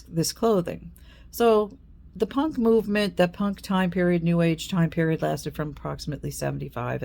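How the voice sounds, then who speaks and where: A woman's voice: low-pitched, creaky, darkish tone. A woman in her fifties telling a personal story in a rambling, repetitive way, often circling back over details.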